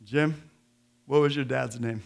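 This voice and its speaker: A middle-aged man preaching a sermon in church, swinging between joking folksy asides and loud, emphatic scripture reading. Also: mid-range voice, steady tone, measured pace, vocal fry. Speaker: pastor.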